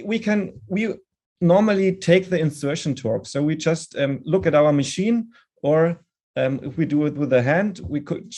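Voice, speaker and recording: A man presenting a dental implant lecture in a webinar, then answering questions, measured and often restarting his words. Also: on the high side, a little mellow. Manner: measured, with frequent restarts and hesitations.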